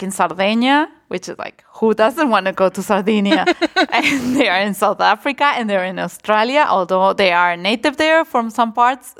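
A woman's voice: medium pitch, a bit bright. A young woman ecologist as a podcast guest, talking enthusiastically with restarts and little laughs. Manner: enthusiastic, chuckles between phrases, hesitant restarts. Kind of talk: casual podcast interview.

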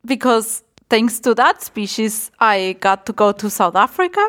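A woman's voice: fairly high pitch, very animated, measured pace, fairly bright tone. A young woman ecologist as a podcast guest, talking enthusiastically with restarts and little laughs. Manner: enthusiastic, chuckles between phrases, hesitant restarts. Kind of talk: casual podcast interview.

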